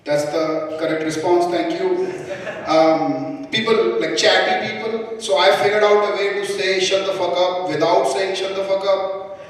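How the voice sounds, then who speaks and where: A young Indian man does stand-up on a club stage, his fairly high voice stumbling through ums and restarts. The sound is very echoey, with a long hall tail, and he is heard from some way off the mic. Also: flat delivery, far from the mic. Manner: halting delivery with frequent ums and restarts. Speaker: stand-up comedian. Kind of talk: live stand-up set.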